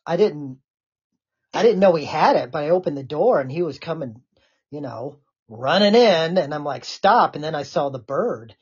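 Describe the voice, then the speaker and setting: A woman's voice: low voice, animated, moderate pace, a little mellow, breathy edge, dull audio. A woman hosting a casual chat podcast, laid-back and laughing often. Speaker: podcast host.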